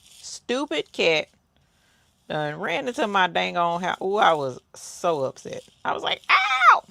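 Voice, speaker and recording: A woman's voice: on the low side, very animated, moderate pace, creaky, a bit bright, no room sound. A woman hosting a crafting livestream, chatting casually with viewers, telling stories and reading out their comments. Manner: chatty storyteller, talks to viewers, reads out chat comments.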